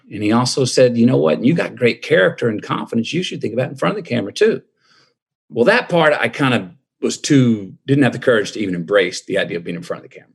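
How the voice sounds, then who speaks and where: Man, middle-aged, husky voice, drawling storyteller, reflective. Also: mid-range voice. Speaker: guest. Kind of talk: storytelling in a podcast interview.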